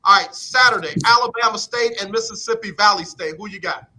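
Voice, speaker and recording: Radio sports host, man, upbeat and brisk, high and bright in tone. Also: rough recording. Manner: brisk, upbeat, calls on guests by name. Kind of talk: casual radio sports chat.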